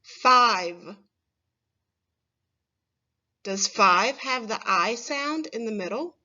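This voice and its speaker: Woman, primary teacher, fairly high voice, slow careful delivery, dull lo-fi recording. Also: animated, bright, forceful tone. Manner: slow, clear, stressing single words for children to repeat. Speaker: first grade teacher. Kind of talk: phonics lesson for young children.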